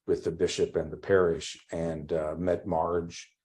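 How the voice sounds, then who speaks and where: An older man from Texas, a priest, telling his life story in an oral history interview and acting out old conversations with lively, halting speech. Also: low voice. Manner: animated storytelling, acts out remembered dialogue; frequent restarts and ums.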